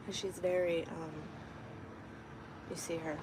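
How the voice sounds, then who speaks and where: A woman's voice: mid-range voice, a little slow, slight background noise, rough recording. A woman truck driver chatting casually on a live stream from inside her truck cab, talking to her viewers and her cat.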